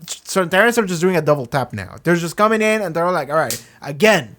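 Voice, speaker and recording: An excitable host talks through a TV episode in a loose, rambling review chat. The voice sits at an ordinary middle pitch. The host swears freely and jumps into quick character voices. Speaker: reaction channel host.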